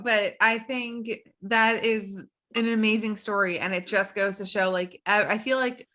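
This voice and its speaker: A woman's voice: mid-range voice, sharp tone. A woman hosting a podcast interview, reacting to her guest with enthusiasm and encouragement. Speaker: podcast host. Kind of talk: casual interview chat.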